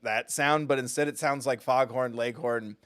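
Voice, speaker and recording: A man's voice: medium pitch, steady tone, normal speed, a bit bright, clean tone. A young adult man streaming a video game, joking casually and reading dialogue aloud. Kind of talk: casual gameplay commentary.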